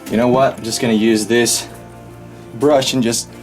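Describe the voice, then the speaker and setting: Guy muttering n sighing while he fixes stuff in a hot room, normal pitch, music playing behind. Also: steady tone, normal speed, a little mellow. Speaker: vlogger restoring a helmet. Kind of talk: hands-on restoration commentary. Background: background music.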